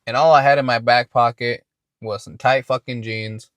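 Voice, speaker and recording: A man's voice: mid-range voice, fairly even intonation, normal speed, fairly bright tone, no room sound. A man hosting a podcast and telling a casual, rambling story, swearing often and restarting his words. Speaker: podcast host.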